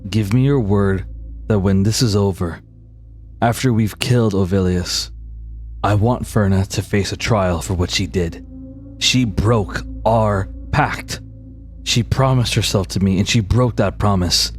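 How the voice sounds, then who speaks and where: A stern leader speaks low and slow, each word weighed and grave, as a man puts him on. The tone stays dark and measured throughout. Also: soft background music, close to an everyday voice. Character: stern grieving male tribal leader.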